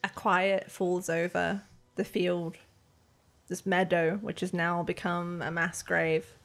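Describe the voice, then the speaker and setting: A woman narrating a tabletop game as game master with dramatic, measured storytelling. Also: on the low side, flat delivery, creaky, a bit bright, soft background music.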